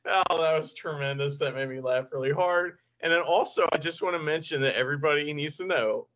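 A man co-hosting a wrestling podcast, chatting casually and excitedly, often laughing. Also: a little high, fairly quick. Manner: animated, laughing, mock-serious. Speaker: podcast co-host. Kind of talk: casual chat reviewing wrestling. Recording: dull lo-fi podcast audio.

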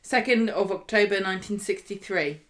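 A woman's voice: mid-range voice, normal speed, fairly bright tone. British woman, podcast co-host and quizmaster, dry teasing delivery. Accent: British English. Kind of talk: casual chat, reading quiz questions.

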